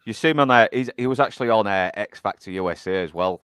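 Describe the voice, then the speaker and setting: British man, low voice, amused short interjections, casual recap chat, dry sound. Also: fast, fairly bright tone, smooth, dry recording. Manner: laughs along, brief interjections. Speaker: co-host.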